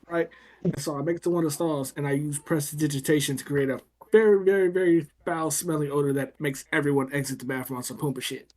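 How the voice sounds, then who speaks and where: A man playing a tabletop game, telling his turn in an animated, joking way. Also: on the high side, fast. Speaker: player. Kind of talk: casual tabletop play.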